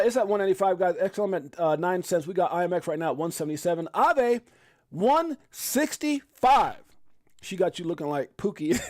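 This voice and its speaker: A man hosting a casual live stream, excitable and joking, often exclaiming as he runs through prices. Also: sits high. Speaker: crypto live stream host.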